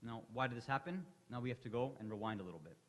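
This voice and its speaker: A man's voice: mid-range voice, very fast. A man giving a religious lecture in a conversational storytelling way, acting out the lines of the people in his stories. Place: hall of an Islamic center. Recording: long reverb of a hall.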